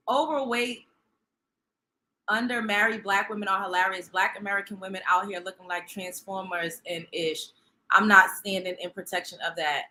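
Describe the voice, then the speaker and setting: A woman's voice: mid-range voice, expressive, moderate pace, pushed and bright. A woman hosting a livestream, reacting in a profane, sarcastic, emphatic rant. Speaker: livestream host. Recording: roomy echo.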